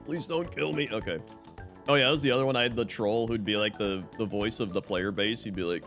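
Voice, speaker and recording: A man's voice: lowish voice, brisk, faint music behind. A man streamer chatting casually and telling stories, laughing often. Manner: laughs often, animated storytelling. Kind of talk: casual chat on a livestream.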